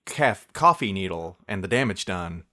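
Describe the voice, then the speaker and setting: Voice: low voice, lively intonation, moderate pace, bright, forceful tone. A podcast co-host dropping wry one-liners in casual chat.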